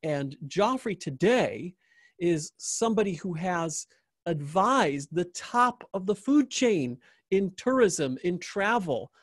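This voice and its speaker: Male interview host, enthusiastic and jokey, pitched a bit high, dry sound. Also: slow pace, no echo. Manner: animated, joking, repeats phrases for emphasis. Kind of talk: enthusiastic closing endorsement.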